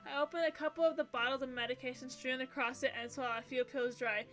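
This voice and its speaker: A woman streaming a game, reading its narration aloud and breaking off into gushing, excitable reactions. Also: sits high, fast. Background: faint game music.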